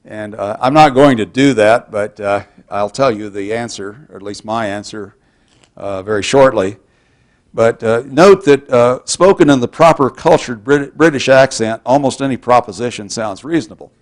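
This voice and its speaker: A man from Texas giving a public university lecture in a measured, wry, explanatory way. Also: mid-range voice.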